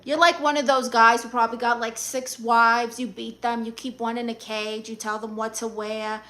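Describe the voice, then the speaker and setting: A man's voice: extremely high pitch, level tone, moderate pace. A man doing a sassy Spanish-accented auntie. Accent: Spanish-accented English. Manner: brassy, teasing, dramatic, greets fans warmly. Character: sassy, flirty middle-aged Latina aunt. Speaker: livestream host. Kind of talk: in-character live-stream comedy chat.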